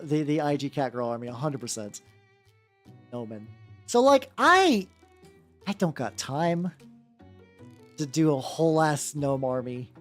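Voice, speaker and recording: Painting miniatures during a casual live stream, this woman speaks in a voice that sits low. Excitable and freely profane, she tends to say her words more than once.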